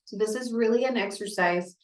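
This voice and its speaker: A woman's voice: a little high, a little fast, roomy sound, rough recording. A woman speech therapist leading a group through voice exercises, encouraging and explaining each step.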